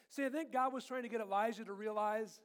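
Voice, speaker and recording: Man, very high voice, animated children's pastor leading a playful sermon with kid volunteers. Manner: animated, playful, swings between loud and hushed.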